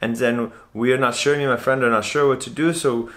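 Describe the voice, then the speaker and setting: A man playing a shaken foreign male backpacker who speaks halting, broken English. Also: medium pitch, fairly even intonation, a bit bright, natural voice. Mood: earnest.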